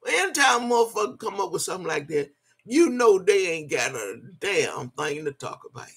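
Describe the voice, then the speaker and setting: A woman's voice: lowish voice, sing-song, brisk, creaky, fairly bright tone, slightly rough. An older woman in a casual vlog rant, profane and mocking, breaking into laughter often. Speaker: vlogger.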